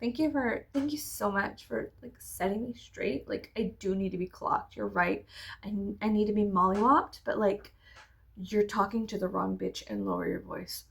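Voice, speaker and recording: A woman's voice: medium pitch, normal speed, gravelly, a bit bright. A woman in her thirties telling a rambling, profane, sarcastic story-time vlog while doing her makeup. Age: 30s. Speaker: vlogger.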